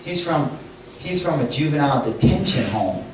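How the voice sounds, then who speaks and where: An older man preaches at a camp chapel in a lively storytelling way, often laughing and acting out what people said. His voice sits fairly high. He is picked up from a distance in a very echoey hall with steady noise behind him. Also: moderate pace. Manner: animated, laughing, acts out quoted lines. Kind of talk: storytelling sermon.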